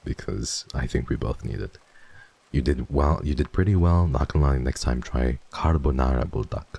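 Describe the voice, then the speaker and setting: Very deep gravelly man, playful streamer. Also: normal speed, no echo. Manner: playful and teasing, swings between loud bursts and hushed murmurs; swears freely. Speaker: livestreamer. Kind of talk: casual livestream chat, reading donations.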